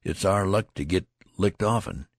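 A man's voice: deep voice, animated, a little slow, no room sound, clean studio sound, voice pushed up, heavily acted. A man voicing a weary, glum young soldier. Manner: weary rustic dialect.

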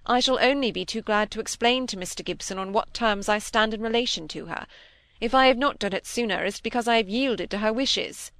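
Insistent young gentleman suitor, self-assured and pressing, read by a woman in a dry, close audiobook voice. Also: fairly high pitch, brisk, no room sound, voice pushed up. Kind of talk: audiobook character reading.

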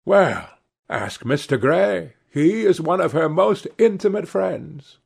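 A man reading aloud and voicing a witty, cynical aristocratic gentleman with a dry, drawling delivery. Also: fairly high pitch, animated, slow pace, creaky, breathy edge, voice pushed up, heavily acted. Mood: amused.

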